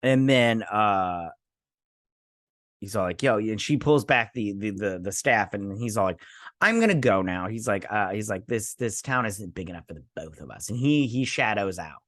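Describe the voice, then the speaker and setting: A man hosting a casual episode recap, rambling, with loose asides and quick mock quotes of the characters. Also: fairly low pitch, a bit bright, no room sound, clean studio sound. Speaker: host.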